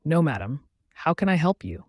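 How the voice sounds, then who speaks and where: A man's voice: a little high, big pitch swings, normal speed, darkish tone, breathy edge, dry recording, clean studio sound. A man voicing a young woman assistant who speaks with forced politeness. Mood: polite.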